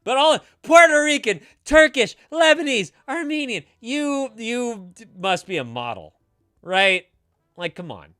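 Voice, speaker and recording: A man hosting a casual live stream, reading chat aloud and answering with loud, teasing, profane banter while drinking beer. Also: very high-pitched, sing-song, a little slow, clear, resonant tone, dry recording, studio quality. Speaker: streamer giving advice to chat. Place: home streaming setup, San Francisco.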